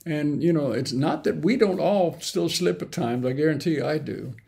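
A man preaching a sermon in an earnest way, with sudden emphatic rises and halting restarts. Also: a little high, lively intonation, creaky, mellow. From grew up in the mountains.

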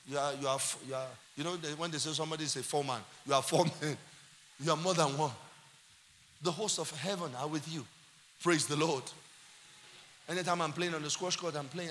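A man with a Nigerian accent preaching a sermon as pastor, moving from quiet asides to shouted climaxes. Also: a little high, long reverb tail, slight background noise. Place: church.

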